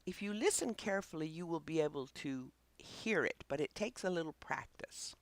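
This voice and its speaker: A woman's voice: on the low side, no echo. A woman hosting a chatty puppy-training vlog, playful and fond of barking imitations.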